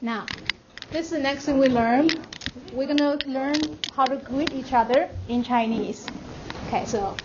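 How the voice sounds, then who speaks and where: A woman's voice: sits high, unhurried. A woman teaching a beginner language class, patiently modeling words for her students to repeat. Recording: dull audio, noisy classroom.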